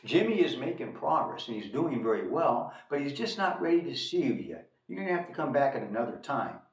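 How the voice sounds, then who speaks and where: A man doing a soft, calm doctor. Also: echoey room, rough recording. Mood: soothing. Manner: low, soft and measured.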